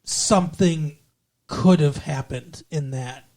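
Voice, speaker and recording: A man's voice: fairly high pitch, slow pace, a little mellow. A man talks through a film with his co-host in a loose, casual chat. He is blunt and opinionated, and swearing comes easily to him. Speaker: podcast co-host. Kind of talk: casual movie review chat.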